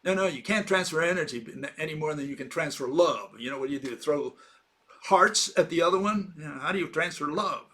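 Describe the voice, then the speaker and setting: A man's voice: on the high side, brisk, a bit bright. A man giving an informal, argumentative explanation, full of fillers and rhetorical questions. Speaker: lecturer.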